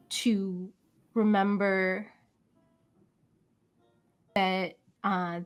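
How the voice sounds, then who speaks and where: Slow, flat-voiced woman player. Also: mid-range voice, clean tone. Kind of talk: in-character narration for a tabletop game.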